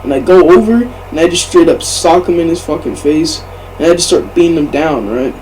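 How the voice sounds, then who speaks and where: A man's voice: on the high side, a little fast, a little mellow, a little hiss or hum, low-quality recording. A young man in his teens telling a storytime vlog in a casual way, full of swearing and fillers. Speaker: vlogger.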